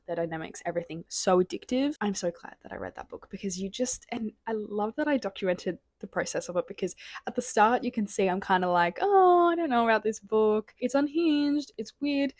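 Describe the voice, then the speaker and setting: A young woman, chatting excitedly at home in a casual reading vlog, often dropping into whispers, recorded on her camera's built-in mic. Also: mid-range voice, no room sound. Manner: excitable, gushing, drops into whispers. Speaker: book vlogger. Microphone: camera mic, no external microphone.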